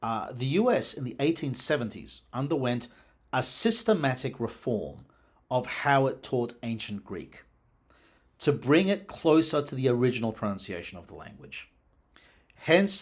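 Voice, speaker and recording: Guy with a slightly husky voice explaining language history, lively ups and downs, scholarly. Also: mid-range voice, normal speed. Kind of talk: explanatory lecture.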